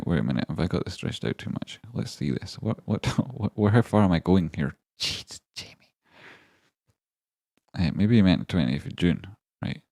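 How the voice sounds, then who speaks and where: A man's voice: low-pitched, darkish tone, no room sound, studio quality. A man rambling through live chart analysis, joking and talking to viewers by name. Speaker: stock market streamer. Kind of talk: live-streamed chart analysis and chat reading.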